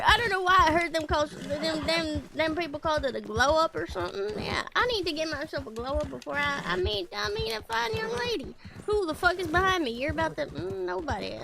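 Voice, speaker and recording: A woman's voice: very high voice, vocal fry, exaggerated voice. A woman streaming a game in character as a bashful male cowboy outlaw, stammering and rambling with frequent laughs.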